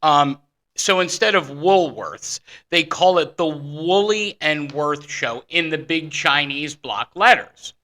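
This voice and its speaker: Male talk radio host, bright sharp tone, excitable, rambling banter. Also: a little high, slow pace.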